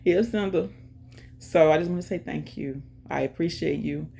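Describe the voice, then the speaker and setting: A woman hosting her own channel, chatting casually and directly to viewers, giving shout-outs and talking about faith. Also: low voice, moderate pace, vocal fry, slight background noise. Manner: chatty, talks straight to viewers with lots of "y'all". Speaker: YouTube channel host. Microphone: earphones in, music playing in her ear.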